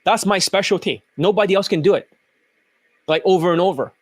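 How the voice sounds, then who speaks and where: A dating coach ranting angrily and swearing while commenting on video clips. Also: male voice, high voice, a little fast, no echo. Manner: profane, ranting, combative. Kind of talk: angry commentary over clips.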